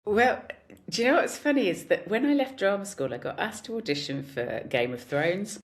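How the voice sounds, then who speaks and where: A woman in her forties, appearing as a guest actor, tells stories in casual conversation and laughs often. Her voice is medium-pitched and her pace moderate.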